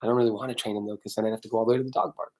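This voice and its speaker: A man's voice: lowish voice, level tone, very fast, dark tone. A man hosting a casual live-stream Q&A as a dog trainer, talking bluntly, swearing freely and answering viewers by name.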